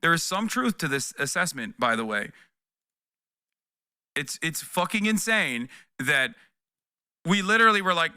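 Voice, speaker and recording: Brash, bright-voiced streamer ranting. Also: male voice, fairly high pitch, animated, moderate pace, pauses often, clean tone, no room sound, studio quality. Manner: profane, sarcastic and exasperated. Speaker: political streamer. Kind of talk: live reaction commentary.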